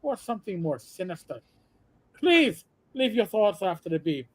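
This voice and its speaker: A man's voice: high voice, very animated, normal speed, no room sound. A man doing a mock as a bawdy answering-machine host, theatrical and announcer-like. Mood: mock-serious.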